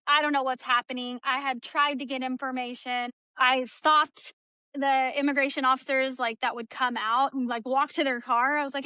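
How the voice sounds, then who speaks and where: A woman's voice: high-pitched, no echo. A woman as an interview guest, telling a personal story in an emotional, chatty way and acting out what others said. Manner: animated, acts out quoted dialogue; chatty, with frequent "like" fillers.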